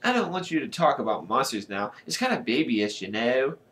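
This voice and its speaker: A man voicing a dismissive, teasing boy who mutters flatly. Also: mid-range voice, brisk.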